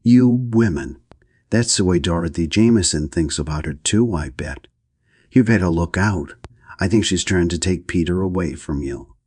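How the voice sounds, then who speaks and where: A man voicing a blunt, impatient young woman in an audiobook reading, talking roughly and curtly. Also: deep voice, expressive, normal speed, darkish tone, no echo, studio quality. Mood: scornful. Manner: rough, curt, scornful.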